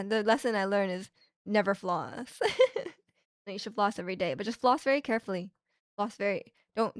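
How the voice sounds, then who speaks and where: A woman's voice: mid-range voice, dry recording, clean studio sound. A young woman streaming from Canada, telling a rambling, chatty story full of fillers and restarts. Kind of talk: casual chat. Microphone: streaming microphone.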